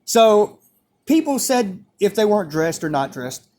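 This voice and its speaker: A man's voice: high-pitched, unhurried. A man telling a story in a casual, profane way, repeating phrases as he goes. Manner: animated, profane, repeats himself.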